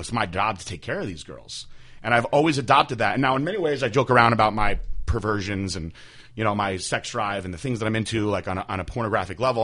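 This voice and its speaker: A young man with a bright, forceful voice holds forth on a casual podcast. He talks candidly and crudely, acting out the people in his stories with lively impressions. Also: fairly low pitch. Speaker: podcast host.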